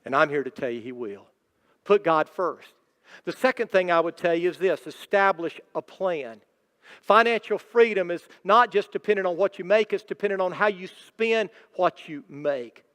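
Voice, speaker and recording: A man's voice: high-pitched, lively intonation, moderate pace, a bit bright. A man preaching as a pastor, emphatic and repetitive, building in intensity. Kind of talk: sermon. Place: church sanctuary. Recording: long church hall reverb.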